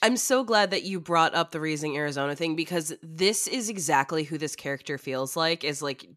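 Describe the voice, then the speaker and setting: A woman joining a casual film podcast, talking in an animated, emphatic way. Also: sits low, fairly quick, dry recording, clean studio sound. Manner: animated, emphatic, laughs easily. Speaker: podcast guest, film editor.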